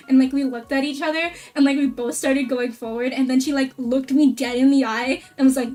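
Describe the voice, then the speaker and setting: A woman VTuber streamer chatting casually, excitable and rambling, with a lot of "like" fillers. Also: sits high, fairly quick, hardly any pauses, far from the mic, faint music behind. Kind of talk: casual stream chat recap.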